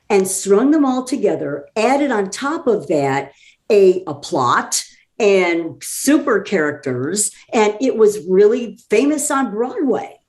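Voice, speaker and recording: Enthusiastic lady guest gushing on a podcast, average pitch. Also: darkish tone. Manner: enthusiastic, effusive. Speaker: guest promoting a community theater show. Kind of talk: casual chat.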